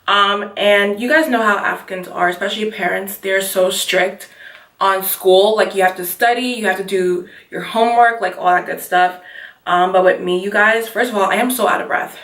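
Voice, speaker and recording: A woman's voice: mid-range voice, steady tone, normal speed, fairly bright tone, reverberant, distant mic. A woman in her twenties, from Nigeria, talking casually and rambling through a get ready with me vlog. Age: 20s. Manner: casual, rambling, keeps saying you guys. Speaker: beauty vlogger.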